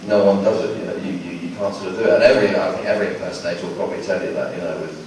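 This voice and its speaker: A man from England answering questions at a fan convention, wry and rambling, full of restarts. His voice is low. It is picked up from a distance in a very echoey, noisy hall. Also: fairly even intonation, racing, darkish tone. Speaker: guest actor at a fan convention Q&A.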